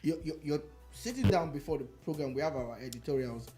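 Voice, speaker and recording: A man's voice: on the high side, lively intonation, a little fast, warm tone, faint music behind. A man co-hosting a casual radio show, teasing his partner with dry, mock-offended remarks. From Nigeria.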